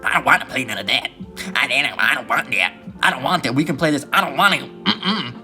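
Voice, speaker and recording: A man's voice: mid-range voice, expressive, fairly quick, sharp tone, faint music behind. A man putting on a mouthy defiant woman. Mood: whiny. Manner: taunting, dismissive.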